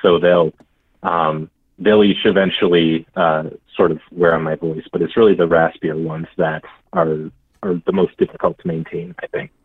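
A man's voice: low voice, steady tone, normal speed, husky, dry recording. A young man, a voice actor, chatting in an interview, chuckling and hesitating with many fillers. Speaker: voice actor guest. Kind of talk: casual interview chat. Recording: tinny phone-like call line.

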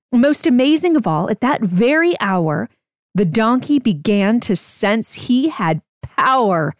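A young adult woman reading a rhyming children's story aloud to her kids in a slow, rhythmic narration. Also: on the high side, no echo, studio quality.

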